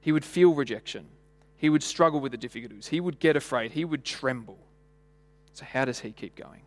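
A man's voice: medium pitch, lively intonation, a little fast. A man preaching a sermon in a church, conversational and full of rhetorical questions and stories. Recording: long hall reverb.

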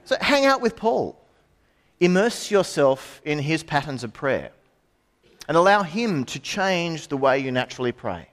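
A man's voice: a little high, a bit bright. A middle-aged man preaching a sermon in a conversational way, with asides and rhetorical questions.

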